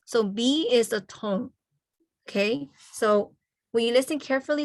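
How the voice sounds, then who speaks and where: A woman's voice: on the high side, no room sound. Woman teaching over a video call. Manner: checks in with "okay?" after nearly every point; slow, careful spelling-out of letters and sounds. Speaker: Hmong language teacher. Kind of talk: online language lesson.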